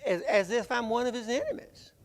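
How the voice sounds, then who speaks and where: A man preaching a Bible-class sermon in a halting, conversational way, often repeating words. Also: extremely high pitch, animated, creaky. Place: church sanctuary. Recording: reverberant church hall.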